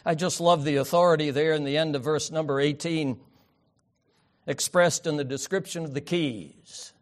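Animated preaching man, high voice. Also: normal speed. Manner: animated preaching, rising to loud emphatic peaks and dropping to soft asides. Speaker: pastor. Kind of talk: sermon.

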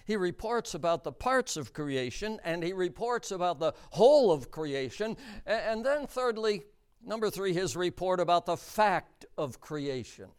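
A man preaching a sermon, emphatic and deliberate, repeating key words for stress. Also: high voice, lively intonation, clear, resonant tone.

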